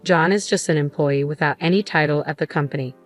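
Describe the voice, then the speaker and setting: A woman voicing a calm, composed male lawyer who lays out the facts evenly. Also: low-pitched, fast, soft background music, lightly acted. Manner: calm, even.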